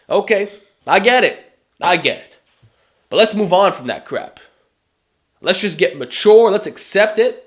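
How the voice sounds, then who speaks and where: A man giving a motivational fitness monologue to camera, emphatic and full of rhetorical questions. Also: mid-range voice. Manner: emphatic, rhetorical questions, mocking put-on whines. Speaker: fitness YouTuber.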